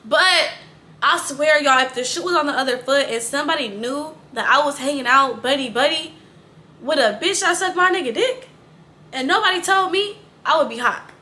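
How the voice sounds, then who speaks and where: High bright-voiced woman telling a story. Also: normal speed. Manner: chatty, blunt, heavy swearing, addresses viewers as y'all. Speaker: storytime vlogger. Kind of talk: casual storytelling to camera.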